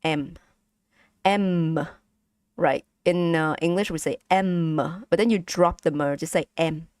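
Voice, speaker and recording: A woman's voice: fairly low pitch, slow, a little mellow, clean tone, dry recording, clean studio sound. A woman with a Vietnamese accent teaching pronunciation on a casual live stream, patiently repeating sounds for her chat.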